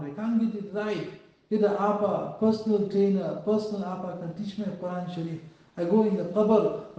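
A man's voice: high voice, mellow. A man giving an earnest sermon, telling a story and acting out the quotes. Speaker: preacher. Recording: distant, echoey, dull.

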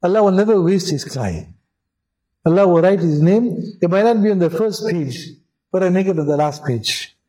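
Male mufti, sermon delivery, high-pitched voice, fervent and repetitive. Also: animated, moderate pace, warm tone, husky, low-quality recording. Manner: impassioned, repetitive exhortation. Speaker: mufti preaching.

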